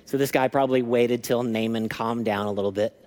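A man preaching a sermon as lead pastor, telling a story in a lively, animated way. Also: mid-range voice, a little fast. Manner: animated storytelling, acting out scripture.

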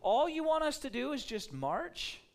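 A man's voice: very high-pitched, sing-song, measured pace, vocal fry, voice pushed up, exaggerated voice. A man voicing a skeptical male army leader who keeps questioning his orders in disbelief. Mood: incredulous. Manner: incredulous, questioning.

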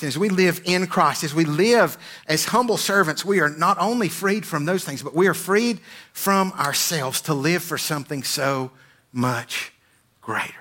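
A male pastor delivering a Sunday sermon in a high, bright, ringing voice. He is earnest and emphatic, often checks in with "right?", and lets the ends of his phrases fall slow and low. He is preaching in a church.

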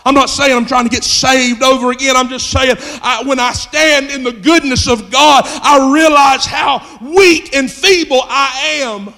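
A man preaching a sermon, moving between quiet, low talk and loud, shouted passages. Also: a little slow, hardly any pauses. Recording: long hall reverb.

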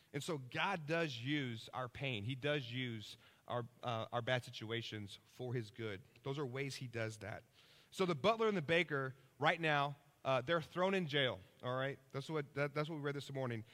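A man preaching a sermon, telling lively stories and checking in with his listeners. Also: medium pitch, big-room sound. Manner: energetic storytelling, checks in with listeners.

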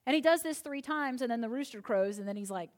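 A woman's voice: fairly high pitch, lively intonation, quick pace. A woman preacher delivering a sermon in a conversational way, retelling a scripture story with asides to the listeners.

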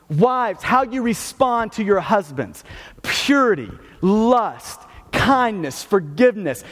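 A man preaching a sermon, emphatic, often restarting words and checking in with "okay" and "right". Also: extremely high pitch. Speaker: pastor. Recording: long hall reverb.

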